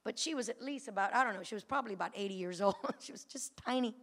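A woman telling her personal testimony to a church congregation, chatty and lively, often laughing as she tells it. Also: medium pitch, fast. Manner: lively, chatty storytelling with frequent laughs and rising emotion. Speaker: church member giving a testimony. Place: church sanctuary. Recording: reverberant church hall.

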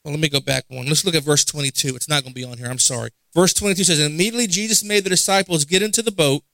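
Man, preacher, high voice, conversational sermon, asks questions, repeats lines, dry sound. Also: a bit bright, dry recording.

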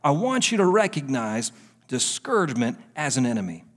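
A man's voice: medium pitch, sing-song, moderate pace. A male pastor delivering a sermon, fervent and emphatic, repeating phrases for effect.

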